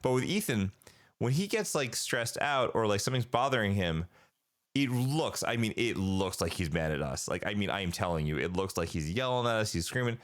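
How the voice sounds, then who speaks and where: A man's voice: on the low side, animated, a little fast. A man in his forties co-hosting a parenting podcast, talking in a rambling way with lots of fillers and restarts. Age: 40s. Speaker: podcast co-host. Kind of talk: casual chat.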